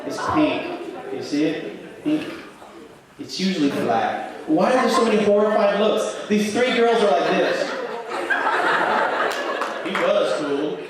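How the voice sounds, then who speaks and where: A man doing comic stage banter as a performance poet at a school show, teasing the audience, with sudden loud yelps between quiet asides. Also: sits high, lively intonation, slow pace, pauses often. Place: school hall, live audience. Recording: echoey hall from far off, crowd.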